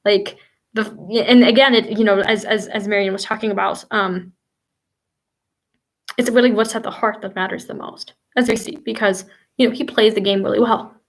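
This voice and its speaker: A woman's voice: medium pitch, fairly even intonation, normal speed, poor audio. A woman hosting a casual livestream about a classic play, talking enthusiastically with plenty of fillers and restarts. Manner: enthusiastic, gushing, with frequent fillers. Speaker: literature channel host. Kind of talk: casual livestream book discussion. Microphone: home livestream mic.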